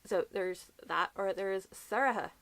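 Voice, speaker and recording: A young Northern Irish woman talks through a casual book vlog in a bright, clear voice. She explains patiently and slows down to repeat words. The sound is dry and close, with no room behind her. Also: mid-range voice, no echo. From Northern Ireland. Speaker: book vlogger.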